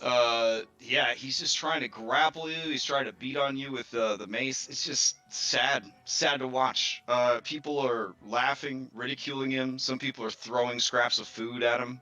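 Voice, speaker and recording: Brief: bright-toned man, mid pitch, relaxed tabletop game master. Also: a little slow, few pauses, soft background music, low-quality recording. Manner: relaxed narration with fillers.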